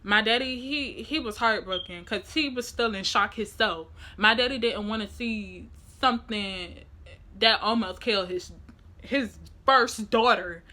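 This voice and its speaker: A young woman, telling a personal story in an animated, demonstrative way. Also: a little high, unhurried. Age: young adult. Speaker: vlogger. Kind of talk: emotional storytime.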